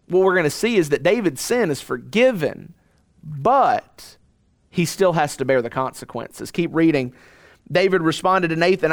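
An earnest male pastor preaching a sermon and reading scripture aloud. His voice sits high and sounds smooth and resonant. He leans into key lines with deliberate pauses.

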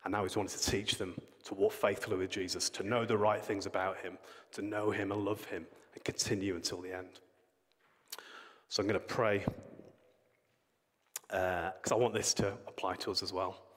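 Guy preaching a sermon, lowish voice, kind of chatty storytelling, long echo like a big church hall. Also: flat delivery, moderate pace. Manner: storytelling, plain conversational preaching. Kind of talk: sermon with Bible reading and prayer.

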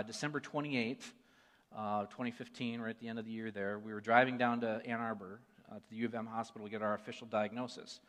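Man, 40s, sermon testimony, earnest, hushed to emphatic, middle pitch, long hall reverb. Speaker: church speaker sharing a testimony.

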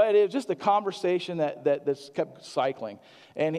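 A male pastor preaching a sermon in a halting, earnest way, full of restarts and fillers. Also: on the high side, a little mellow, clear, resonant tone, in a large hall.

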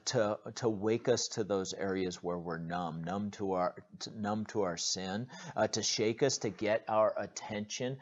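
A man with a fairly low voice preaches in an earnest, direct way, stopping on fillers and repeating words as he goes. The recording sounds dull and lo-fi, with its top end muffled. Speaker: pastor. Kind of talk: sermon.

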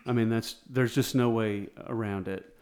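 Man, lowish voice, direct and affirming, casual Bible talk. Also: steady tone, moderate pace, a little mellow. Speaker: co-host.

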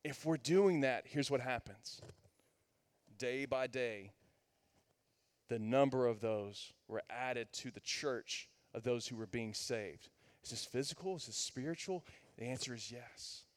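A man preaching a sermon to his congregation as their pastor, building to loud, emphatic peaks. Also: medium pitch, a little slow. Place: church sanctuary.

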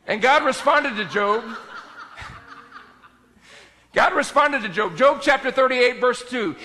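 A man preaching a sermon as pastor, talking in a conversational way that swings between loud and quiet. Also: very high-pitched, slow pace, pauses often, big-room sound.

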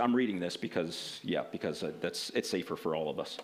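A man preaching a sermon, animated, often laughing and restarting phrases, then reading a passage aloud. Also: low-pitched, fairly quick, few pauses.

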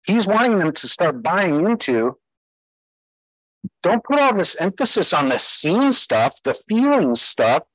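A man's voice: high-pitched, big pitch swings, measured pace, fairly bright tone, no room sound, poor audio. A man preaching a sermon as pastor, emphatic, putting rhetorical questions to his listeners.

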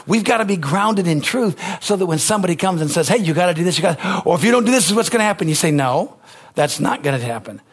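A male pastor preaching a sermon with passion, repeating phrases, swinging from loud exclamations to low, quiet asides.

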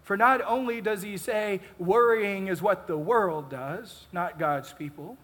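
Pastor guy giving a sermon, slow and deliberate, leans hard on key lines. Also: high-pitched, fairly bright tone. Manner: measured, emphatic preaching with rising and falling intensity.

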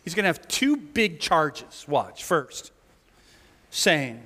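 A male pastor preaching a sermon, animated, acting out the story as he teaches. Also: on the high side, slow pace. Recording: long hall reverb.

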